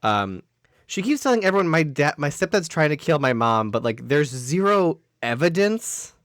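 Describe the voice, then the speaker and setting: A man with a slightly raised pitch chats casually as a podcast co-host. His recap is full of sarcastic, deadpan asides. The sound is very dry and close, with no room echo. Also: normal speed. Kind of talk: casual movie recap chat.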